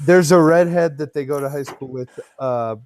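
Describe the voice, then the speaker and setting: A man's voice: fairly high pitch, normal speed, darkish tone, slight background noise. A man in casual chat on a stream, meandering and swearing as he tells a story. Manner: meandering, profane.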